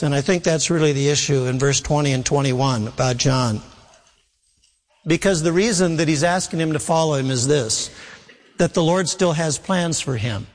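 Preacher, male, fairly high voice, earnest sermon delivery, long church reverb. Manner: earnest preaching, voicing Jesus in quotes. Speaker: pastor.

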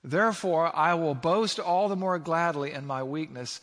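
A man preaching in a church, pressing his points hard and firing rhetorical questions at the congregation. His voice sits a little high for a man. The sound rings out with a long reverb, as in a large sanctuary. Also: normal speed, fairly bright tone. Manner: emphatic, asks the audience rhetorical questions. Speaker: pastor. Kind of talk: sermon.

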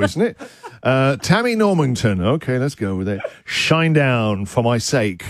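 A man's voice: medium pitch, sing-song, a little slow, no echo, studio quality. A middle-aged man hosting a casual breakfast radio show, joking and laughing often. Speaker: radio host. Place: radio studio.

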